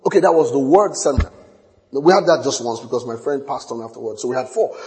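A middle-aged man preaching a sermon as pastor, telling stories with repetition, sudden loud high outbursts and quiet hushed asides. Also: lively intonation, quick pace. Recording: long hall reverb.

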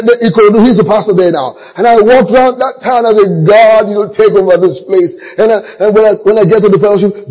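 The long echo of a large hall surrounds a middle-aged man preaching a sermon built on humorous personal stories. He laughs often and acts out the voices of people in them, speaking in a high, husky, darkish voice.

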